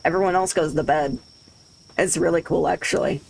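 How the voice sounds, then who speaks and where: Chatty woman streamer, lowish voice. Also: fairly even intonation, normal speed, gravelly, darkish tone, husky, low-quality recording. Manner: chatty, laughs easily, thinks aloud. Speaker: livestreamer. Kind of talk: casual gaming commentary. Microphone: desk microphone.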